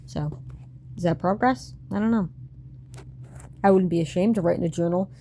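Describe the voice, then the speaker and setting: Wry, gravelly woman mocking her old diary. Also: lowish voice, normal speed, dark tone, slight background noise. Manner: wry, self-mocking, swears, laughs often. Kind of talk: casual commentary on old diary.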